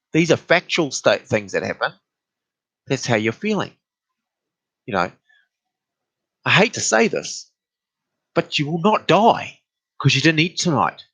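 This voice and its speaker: A man with a husky voice retells an argument casually but with clear exasperation, his pitch rising as he gets animated. There's no room sound on the recording.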